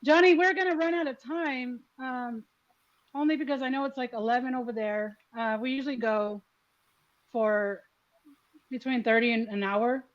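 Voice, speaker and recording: Brief: middle-aged woman host, raised pitch, lively, salty anecdotes, somewhat dull recording. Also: moderate pace. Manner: lively storyteller, swears freely. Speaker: podcast host. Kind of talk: casual chat.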